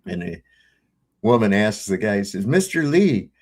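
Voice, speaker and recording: A middle-aged man hosting a live panel stream, relaxed and chatty as he introduces video clips. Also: on the low side, normal speed. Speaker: host. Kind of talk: casual chat.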